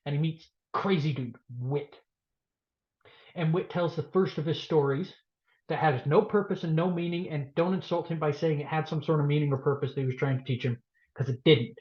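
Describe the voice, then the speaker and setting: A man co-hosting a podcast, recapping a book in an animated, jokey way and acting out the scenes. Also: a little high, fairly quick. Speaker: podcast co-host. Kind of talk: excited comedic book recap. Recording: roomy, dull lo-fi podcast audio.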